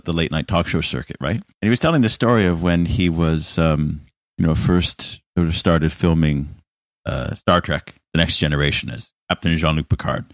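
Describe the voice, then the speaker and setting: A man with a very deep voice co-hosts a podcast in easy, casual conversation. He laughs often and trips over his words as he restarts his thoughts. The sound is dry and close. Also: no echo. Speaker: podcast co-host. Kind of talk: casual chat.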